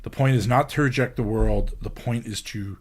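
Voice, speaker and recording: A man's voice: mid-range voice, moderate pace, darkish tone. A man giving a casual podcast lecture, hesitant, with many ums and restarts. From England.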